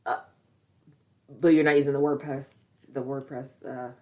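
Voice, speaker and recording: A woman's voice: rumbling low, flat delivery, normal speed, darkish tone, muffled recording. A woman co-hosting a podcast in casual chat, rambling and groping for words, with some swearing. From California. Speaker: podcast co-host.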